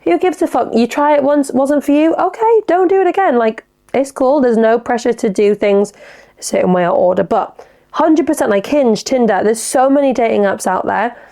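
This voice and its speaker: Chatty, sweary woman with a gravelly edge. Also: on the high side, moderate pace, dark tone. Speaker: podcast host. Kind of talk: casual advice chat.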